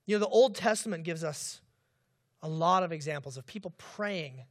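A man's voice: on the high side, moderate pace. A male pastor preaching a sermon who asks the congregation questions and acts out the cries of the people in the story.

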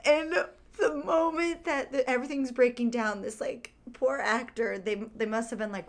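A podcast co-host chats casually about a movie, her voice fairly high and her pace moderate with few pauses. She's animated, acting out scenes with put-on quotes as she retells them.

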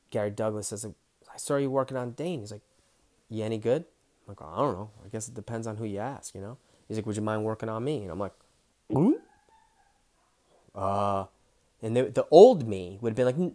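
A man telling his personal story candidly, swearing freely and acting out the dialogue. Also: lowish voice. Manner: emotional, close to tears.

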